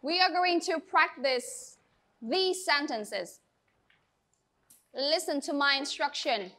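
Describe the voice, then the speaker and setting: A woman with a Vietnamese accent, teaching an English class and giving slow, deliberate instructions in a classroom. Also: high-pitched, sharp tone. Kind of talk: classroom lesson.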